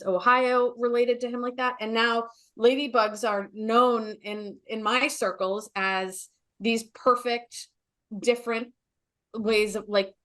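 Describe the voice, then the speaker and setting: A woman's voice: medium pitch, fairly bright tone. A middle-aged woman, a guest on a podcast, telling a personal story in an earnest, emotional way, often restarting and saying "like, you know".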